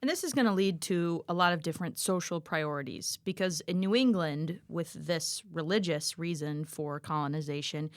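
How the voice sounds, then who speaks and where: A woman's voice: deep voice, moderate pace, few pauses, dry recording. A woman co-hosting a history review podcast, explaining with a playful, chatty manner. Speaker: teacher and podcast co-host. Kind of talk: casual history review chat.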